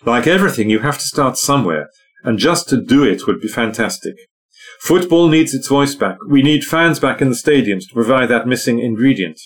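A man's voice: medium pitch, expressive, brisk. Man reading a news article aloud. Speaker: newspaper article reader.

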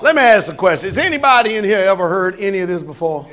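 A man preaching a sermon, animated, shouting and laughing, acting out voices. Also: sits high, quick pace.

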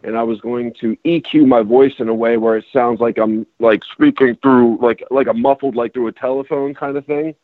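A man chats about songwriting in a loose, rambling way, stopping and restarting his sentences. He sounds thin and tinny, as if on a phone line, with a dry, close sound. His pitch sits in a middle range. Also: steady tone, moderate pace, hardly any pauses, no echo. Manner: rambling, restarts often, explaining. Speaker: rapper and songwriter guest. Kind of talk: casual podcast conversation.

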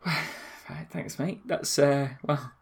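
A man's voice: fairly high pitch, steady tone, very slow, creaky, slightly rough. Man, podcast co-host, casual banter, laughs often, stammers, says "mate" a lot.

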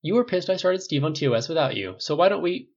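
A man's voice: a little high, lively intonation, fast talker, vocal fry, lo-fi sound, voice pushed up. A man doing a theatrical wisecracking rich guy. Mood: excited. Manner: theatrical, boastful.

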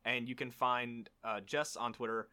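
A man's voice: mid-range voice, little pitch movement, moderate pace, pushed and bright, smooth. A young man hosting a podcast, playful and earnest in casual banter, wrapping up the show. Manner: earnest, playful, self-mocking. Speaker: podcast host.

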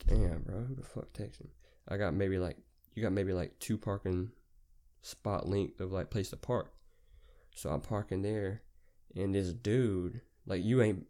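A man hosting a podcast, telling a long story in a rambling, profane, casual way. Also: fairly low pitch. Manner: rambling, profane, animated retelling. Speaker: podcast host.

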